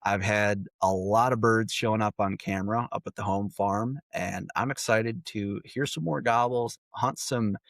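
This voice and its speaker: Podcast host, adult male, lowish voice, keen and upbeat, dry close sound. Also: fairly even intonation, moderate pace, few pauses, fairly bright tone, dry recording. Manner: upbeat, enthusiastic. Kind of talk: casual podcast chat.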